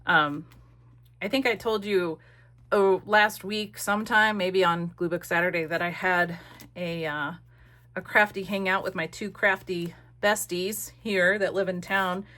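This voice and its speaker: A woman's voice: fairly low pitch, steady tone, measured pace, bright, forceful tone. Chatty woman rambling over crafts. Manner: rambling, chatty, with many fillers. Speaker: crafting vlogger. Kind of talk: casual crafting vlog chat.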